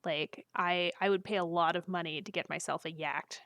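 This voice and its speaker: Live-streaming a game, a woman with a voice on the low side chats with her viewers at normal speed, her intonation fairly even and tone fairly bright, with no room sound. She's chatty and jokey, talking to her chat and breaking into giggles often.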